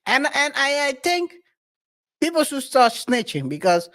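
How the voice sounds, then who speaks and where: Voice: high voice, very animated, unhurried, a bit bright. A podcast co-host in casual commentary chat, speaking emphatically and repeating points for stress.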